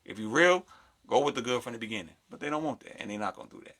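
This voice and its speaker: A man's voice: mid-range voice, very fast. A man co-hosting a podcast in casual chat, talking animatedly and acting out the people he quotes. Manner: animated, acts out quoted voices. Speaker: podcast co-host.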